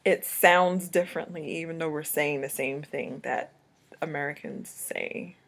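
A woman's voice: deep voice, steady tone, measured pace, creaky. A woman from Jamaica with a Jamaican accent, explaining things casually to the camera in a chatty way. She laughs often and trails off mid-sentence. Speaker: vlogger teaching a lesson.

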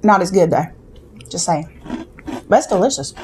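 A woman's voice: mid-range voice, expressive, normal speed, darkish tone, slight background noise. A woman chatting casually while tasting snacks and reading food facts aloud, sometimes with her mouth full. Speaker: co-host of snack tasting channel.

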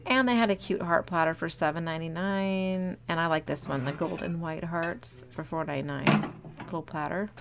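Young woman doing a shop-with-me vlog on her phone, low-ish gravelly voice, kinda gushy and chatty, lots of ums. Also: moderate pace. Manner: chatty, gushing over cute items, lots of ums. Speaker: shopping vlogger. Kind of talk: casual shop-with-me narration. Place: indoor retail store. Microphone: handheld phone.

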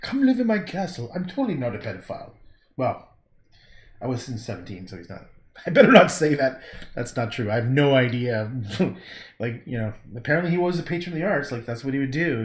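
A man from Canada, a painter chatting casually on a livestream as he works, rambling frankly and swearing freely. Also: mid-range voice. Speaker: painter streaming his work. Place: art studio. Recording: echoey room.

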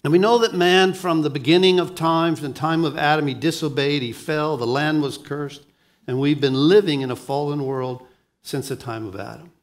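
A pastor preaching a sermon, moving between hushed lines and emphatic ones and often repeating words as he starts a thought. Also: a little high, moderate pace.

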